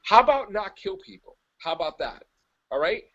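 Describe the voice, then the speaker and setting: A man's voice: high voice, big pitch swings, normal speed, fairly bright tone, lo-fi sound. A man co-hosting a podcast, ranting in casual chat, profane, exasperated and mocking. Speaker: podcast co-host.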